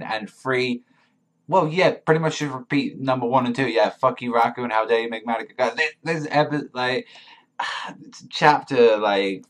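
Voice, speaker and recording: A man giving a casual, profane review, rambling with lots of fillers and swearing. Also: mid-range voice. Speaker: manga reviewer.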